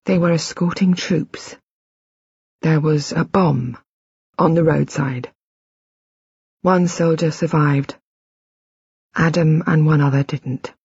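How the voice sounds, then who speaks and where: A woman voicing a calm, gentle husband, speaking softly and haltingly in a husky voice. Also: low voice, dry recording, dull audio, exaggerated voice. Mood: somber. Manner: soft, slow, halting delivery. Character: gentle, composed middle-aged husband.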